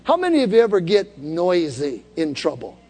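A man's voice: high voice, wildly swooping pitch, normal speed, a little mellow, big-room sound, slight background noise. A man preaching to a congregation, telling a story conversationally and building to calls for them to repeat after him. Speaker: pastor. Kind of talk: sermon. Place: church hall before a congregation.

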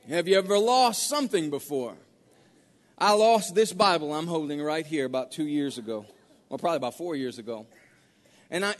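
A man preaching as a guest pastor, folksy and halting, with many restarts. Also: a little high. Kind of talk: sermon with storytelling. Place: church sanctuary. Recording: long church-hall reverb.

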